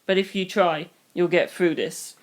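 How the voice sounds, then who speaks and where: A reader voicing a loving, wise foster mother who speaks in a soft, steady, reassuring way, in a fan reading of a novel. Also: medium pitch, measured pace, lightly acted. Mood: comforting. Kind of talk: audiobook reading.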